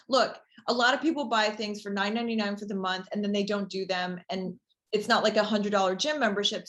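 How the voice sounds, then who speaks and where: A woman being interviewed as a company founder, talking casually and chattily with many fillers, warming into an enthusiastic pitch.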